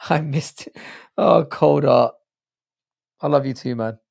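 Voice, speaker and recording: Hoarse, gravelly British man chatting. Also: on the high side, takes it slowly, darkish tone. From United Kingdom. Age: adult with a child. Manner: crude, joking banter. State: hoarse, sore throat. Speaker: livestream host. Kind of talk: casual livestream chat reading out viewer comments.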